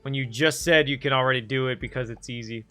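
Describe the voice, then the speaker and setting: A man streaming a game playthrough, excitable, laughing often and quipping at the characters. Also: medium pitch, fast talker, soft background music.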